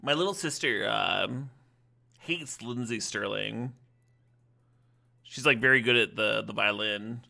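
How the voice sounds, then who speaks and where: A man's voice: fairly low pitch, takes it slowly, gravelly, long pauses, sharp tone. A male streamer giving casual, playful live commentary on a card game, laughing often and chatting with his viewers.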